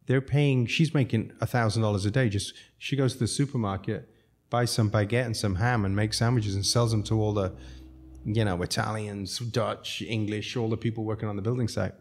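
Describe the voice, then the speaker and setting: A low-pitched man tells long, rambling anecdotes as a podcast guest. He is from South Africa, speaks casually, and breaks into small laughs between sentences. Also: steady tone, fairly quick. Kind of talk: casual storytelling.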